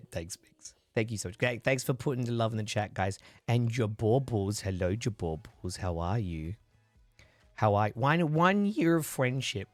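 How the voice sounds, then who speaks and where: A livestream host rambles casually with his viewers, reading and answering chat while recovering from a chest infection and coughing now and then. His lowish voice is animated at a measured pace, with no echo and soft music in the background.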